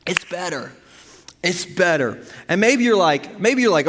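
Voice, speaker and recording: High-voiced pastor preaching in a hall. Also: male voice, measured pace. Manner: animated, humorous, with bursts of emphasis. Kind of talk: sermon with storytelling. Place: church sanctuary. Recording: long hall reverb from the church.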